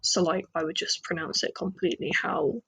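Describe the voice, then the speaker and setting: A woman's voice: on the low side, very animated, fairly quick, creaky, fairly bright tone, slight background noise, poor audio. A woman with an English accent hosting a solo podcast, chatting casually in a rambling, self-deprecating way with lots of fillers. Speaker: podcast host.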